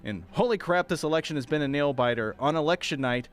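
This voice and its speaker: A man's voice: a little high, quick pace, smooth. A man co-hosting a political talk podcast in a studio, reading a news segment in a wry, playful way. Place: radio studio.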